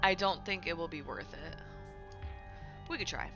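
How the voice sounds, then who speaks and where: Over music, a young woman chats casually while streaming a game from home, cursing a lot and rambling with fillers as she responds to her chat. Her voice is gravelly and on the low side, at normal speed.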